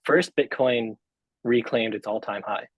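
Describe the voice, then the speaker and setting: A man's voice: medium pitch, measured pace, no room sound, rough recording. A young man as a podcast guest, talking casually and rambling with lots of fillers and restarts. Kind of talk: casual interview chat.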